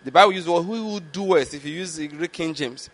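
A preacher with a slightly high, fairly bright voice teaches from the Bible in a sermon, reading verses slowly and deliberately. He pauses for explanatory asides and repeatedly checks that his listeners are following.

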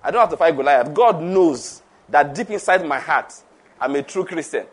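A man's voice: on the high side, expressive, moderate pace, husky. A man preaching a conversational sermon, laughing often, repeating himself and asking the audience questions.

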